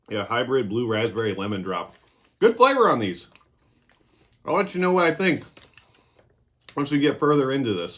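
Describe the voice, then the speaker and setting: A man's voice: medium pitch, fairly bright tone. A man hosting his own review vlog, talking casually and joking as he eats. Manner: joking, irreverent. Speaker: cannabis reviewer.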